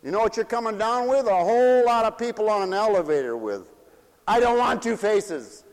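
Preacher man, playful and laughing, big swings from loud to hushed; long hall reverb. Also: sits high, lively intonation, a little fast, smooth. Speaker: pastor. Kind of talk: sermon.

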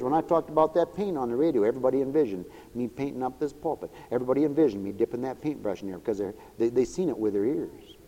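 A man preaching a folksy sermon, swinging between loud exhortation and quiet asides. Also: medium pitch, fast, few pauses. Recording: echoey hall with long reverb.

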